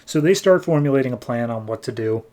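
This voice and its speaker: A man recaps and reviews a comic on a podcast, talking loosely and piling on "like"s. His voice sits at a medium pitch and keeps a casual, unscripted feel. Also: lively intonation, quick pace, a little mellow. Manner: rambling, lots of "like", acts out characters.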